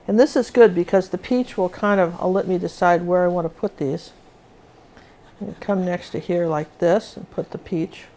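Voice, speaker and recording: A woman's voice: lowish voice, normal speed, warm tone. An older woman teaching a live acrylic painting lesson, chatting as she works and often restarting her sentences. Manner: chatty, talks while working, restarts often. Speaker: painting instructor.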